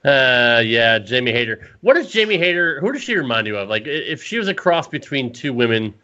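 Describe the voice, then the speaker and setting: Man with a bright, lo-fi voice. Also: mid-range voice, animated, a little fast. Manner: profane, laughing, rambling. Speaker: podcast co-host. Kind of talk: casual wrestling chat.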